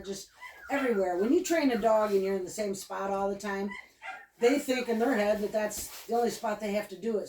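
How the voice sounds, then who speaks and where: A woman's voice: medium pitch, a little mellow. A woman dog trainer explains things in a loose, chatty way, speaking from a little way off the mic. Her voice carries a roomy echo. Faint noise sits under the recording. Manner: chatty, loose and repeats cues with praise. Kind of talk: casual training demonstration. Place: indoors at home with her dog. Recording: echoey room, mic at a distance.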